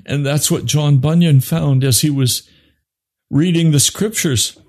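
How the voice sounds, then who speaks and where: A man preaching an impassioned sermon, swinging from low grave tones to high urgent pleading. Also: steady tone, unhurried, darkish tone.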